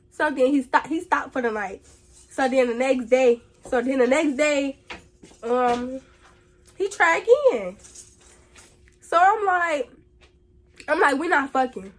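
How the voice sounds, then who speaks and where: Casting: young woman, high bright voice, slangy storytime vlogger, blunt and cussing. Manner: blunt, profane and animated, slangy. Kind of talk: casual storytime.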